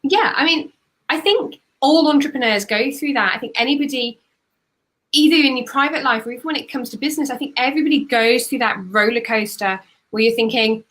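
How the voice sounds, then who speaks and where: A woman's voice: high-pitched, brisk, fairly bright tone. A woman hosting an interview, speaking frankly and reflectively about her own experiences. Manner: reflective, frank, shares personal stories. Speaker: host. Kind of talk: conversational interview.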